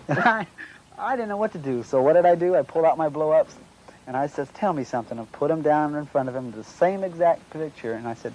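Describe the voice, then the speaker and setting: A man's voice: fairly high pitch, animated, fast, darkish tone, poor audio. A middle-aged man being interviewed, recounting a personal experience and acting out the dialogue of the people involved. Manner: acts out quoted dialogue while retelling. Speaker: eyewitness interviewee.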